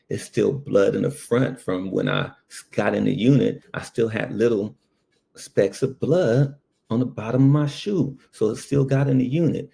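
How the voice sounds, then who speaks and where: A man's voice: medium pitch, creaky. A man and former ambulance worker telling a personal story in a casual way, full of fillers and asides. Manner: animated, lots of fillers.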